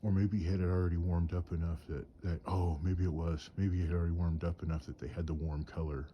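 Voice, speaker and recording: A man's voice: deep voice, little pitch movement, fast talker, muffled recording, slight background noise. A man telling stories in a rambling, chuckling way, cold and shivering outdoors at night. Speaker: storyteller and craftsman. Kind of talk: casual storytelling. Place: outdoors at night on a mountain trip.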